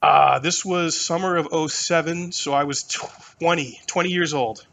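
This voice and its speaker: Brief: podcast guest, man in his thirties, a touch high-pitched, loose and profane storyteller. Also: normal speed, vocal fry, slight background noise. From New Hampshire. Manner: animated, profane, lots of fillers. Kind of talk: casual storytelling conversation.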